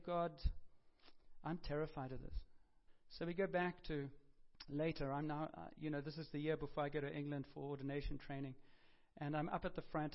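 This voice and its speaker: Preacher, male, raised voice, chatty storytelling sermon, dull lo-fi recording. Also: fairly high pitch. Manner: conversational storytelling with self-corrections and humor. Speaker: pastor. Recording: dull lo-fi sound.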